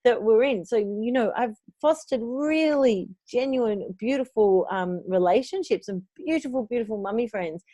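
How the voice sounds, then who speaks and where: A woman's voice: a little high, moderate pace, hardly any pauses, dark tone, dry recording. A woman in her thirties co-hosting a podcast, talking in an enthusiastic, effusive casual chat. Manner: enthusiastic, effusive, restarts words. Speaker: podcast co-host.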